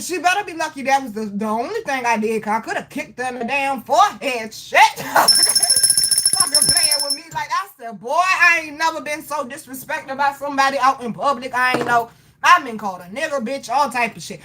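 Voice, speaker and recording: A young woman tells a story in casual talk to her followers. Her voice sits high and rings bright, and she swears and hits every word hard. She laughs often as she talks. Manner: animated, profane, emphatic storytelling with frequent laughter. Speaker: livestream host.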